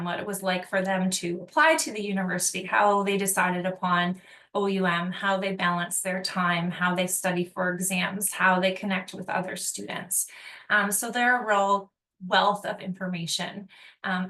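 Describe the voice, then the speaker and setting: Bright-voiced woman hosting a webinar Q&A. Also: medium pitch, reverberant. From not from Australia. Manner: friendly, explanatory, many "um" fillers. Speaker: associate dean hosting a Q&A. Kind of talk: live webinar Q&A.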